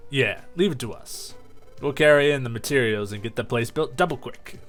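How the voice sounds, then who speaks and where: A man's voice: medium pitch, moderate pace, fairly bright tone, faint music behind, close to an everyday voice. A man voicing a rowdy monkey gang thug from a game, talking with tough-guy swagger. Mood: brash.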